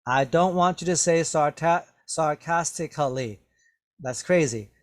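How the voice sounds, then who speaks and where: A man teaching an English vocabulary lesson, explaining words slowly and checking in with "okay?" after almost every phrase. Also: a little high. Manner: repetitive, drawn-out explanations with many "okay?" checks. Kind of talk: slow classroom vocabulary lesson.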